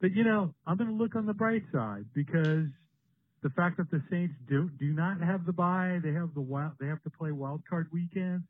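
A man's voice: on the high side, normal speed. Guy calling in about football, tinny phone line sound. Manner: upbeat sports fan. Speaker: voicemail caller.

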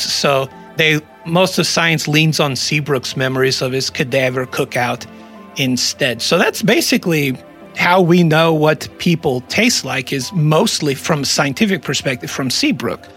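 A man hosting a podcast in casual comedic chat, a joking storyteller with quick asides. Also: a little high, a bit bright. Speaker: podcast host.

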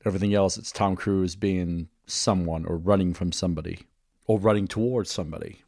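Low-voiced joking male podcast host. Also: fairly even intonation, fairly quick, creaky, darkish tone, no room sound, clean studio sound. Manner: jokey, playful banter. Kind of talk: casual chat.

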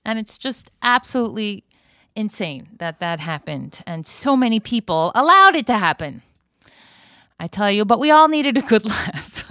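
Smooth-voiced chatty woman podcast host. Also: medium pitch, animated, unhurried, sharp tone, no room sound, studio quality. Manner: chatty, laughing, opinionated. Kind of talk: casual monologue. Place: Israel.

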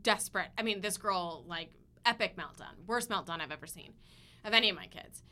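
A woman's voice: medium pitch, lively intonation, fairly quick, background noise. A woman in her thirties, a podcast co-host, telling a long, chatty story with lots of fillers and restarts. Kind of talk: casual chat.

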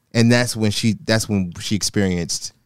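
A man tells a personal story in a casual chat. He gets animated and quotes himself. The sound is close and dry. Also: lowish voice, measured pace, clear, resonant tone, no echo. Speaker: guest telling his story.

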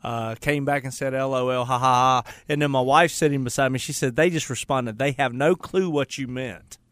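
A man's voice: medium pitch, steady tone, normal speed, fairly bright tone, no room sound. A man with a Southern US accent co-hosting a radio show, telling rambling, joking stories in casual banter.

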